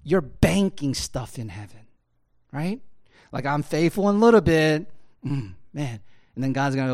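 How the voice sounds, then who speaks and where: A man's voice: on the high side, lively intonation, a little slow, a little mellow. A man preaching a sermon as a pastor, in a conversational style with many fillers and tag questions. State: choked up at times.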